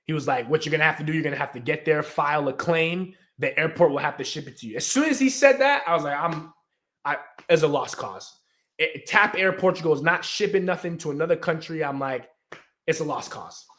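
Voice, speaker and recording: A young adult man from the United States in casual storytelling chat, animated, acting out quotes and laughing often. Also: on the high side, brisk. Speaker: guest storyteller.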